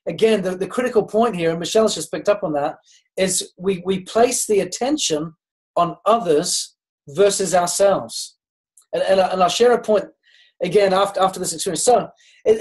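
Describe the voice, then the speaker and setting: High-voiced man giving a measured motivational talk. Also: a little mellow, poor audio. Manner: unhurried, with pauses and restarts; acts out quoted dialogue in his stories. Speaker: network marketing trainer.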